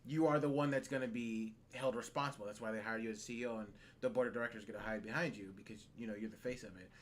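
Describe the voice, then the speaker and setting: A man hosting a casual podcast, talking in an animated, profane way and laughing often. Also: mid-range voice, fast. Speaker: podcast host.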